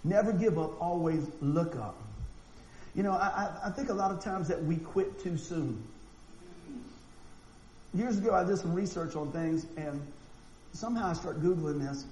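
A man preaching a sermon, animated and folksy, acting out quotes and often repeating words. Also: a little high, normal speed, pauses often. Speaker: pastor. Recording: echoey room with faint noise.

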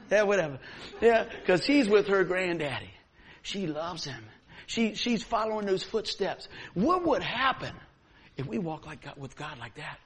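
High-voiced animated pastor. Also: male voice, husky. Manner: animated storytelling with sudden loud whoops. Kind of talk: sermon.

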